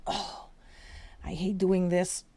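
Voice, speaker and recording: A woman's voice: fairly low pitch, flat delivery, slow pace, dark tone. A woman whose first language is Dutch, speaking English with a Flemish accent, hosting a live stream and chatting casually while colouring, giggling often.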